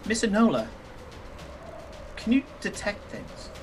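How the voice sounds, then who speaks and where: A man's voice: high voice, very animated, a little slow, a little hiss or hum. A man doing a curt woman captain. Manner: curt, barking orders. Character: bossy female ship captain, gruff and impatient.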